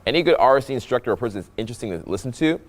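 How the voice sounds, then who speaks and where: A young man from Canada, a dating coach, talking through pickup clips with a playful, animated voice that drops low for effect. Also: very fast, slight background noise. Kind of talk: voice-over breakdown of pickup clips.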